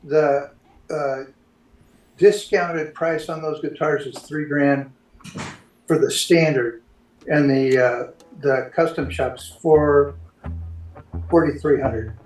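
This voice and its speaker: A man helping on a live stream, speaking slowly and hesitantly with pauses and fillers. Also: a little high, steady tone, darkish tone. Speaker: helper in the room checking prices. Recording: distant voice in an echoey room with music.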